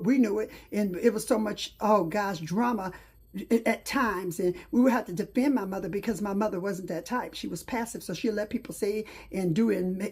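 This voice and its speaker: A woman's voice: on the high side, a little mellow, husky. A middle-aged woman hosting her own talk show, telling a personal story in an earnest, reflective way. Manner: earnest storytelling with pauses and restarts. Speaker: host.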